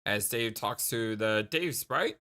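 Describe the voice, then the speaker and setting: A man's voice: on the low side, lively intonation, slow pace, bright, forceful tone. A man hosting a story game let's play who laughs often and talks in a casual, giggly way.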